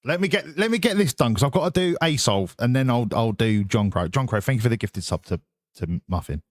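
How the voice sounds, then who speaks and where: A man's voice: mid-range voice, lively intonation, fairly quick, no echo. A man live streaming, chatting with his viewers and teasing them in a joking way. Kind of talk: casual stream chat with viewers.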